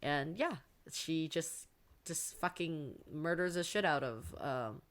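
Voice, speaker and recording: A woman's voice: low-pitched, expressive, takes it slowly. A woman co-hosting a casual podcast, retelling scenes in loose speech full of fillers and acting out bits of dialogue. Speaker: podcast co-host.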